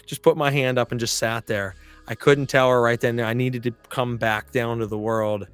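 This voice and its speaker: A man at a middle pitch tells a story from his past as a podcast host. His telling is blunt and full of swearing. Music plays faintly behind him. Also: steady tone, normal speed, clear, resonant tone, no room sound. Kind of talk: storytelling monologue.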